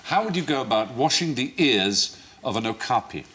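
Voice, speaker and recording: Wry quiz host, lively pitch. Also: male voice, normal speed. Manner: wry, playful, storytelling delivery. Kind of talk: panel show hosting with anecdotes.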